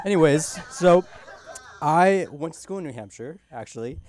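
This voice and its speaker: A man's voice: a little high, slow pace, darkish tone. A young man from California doing a stand-up set at an open mic in a small comedy club, rambling loosely and giggling through his own jokes.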